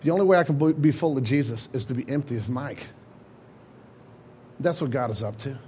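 A man's voice: medium pitch, fairly quick, a little hiss or hum. A man preaching a sermon, retelling scripture in a loose, conversational way. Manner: casual storytelling preaching, animated retellings. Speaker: pastor.

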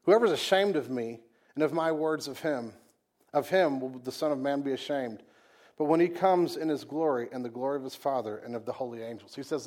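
Male pastor, mid-pitched, conversational preacher with loud, emphatic peaks and hushed drops. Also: animated, a little fast. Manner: conversational, repeats words and restarts. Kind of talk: sermon.

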